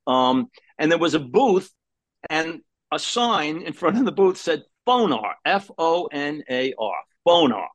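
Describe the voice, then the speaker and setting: A middle-aged man with a slightly high voice tells a story in an easy, conversational way. He uses fillers and corrects himself as he goes. The sound is dry and close. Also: sing-song, measured pace, dry recording. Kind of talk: casual storytelling.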